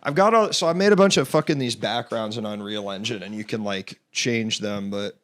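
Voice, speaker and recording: A man's voice: lowish voice, fairly quick. A young man hosting a livestream, chatting casually and animatedly, swearing and laughing often. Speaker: streamer host. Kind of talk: casual chat.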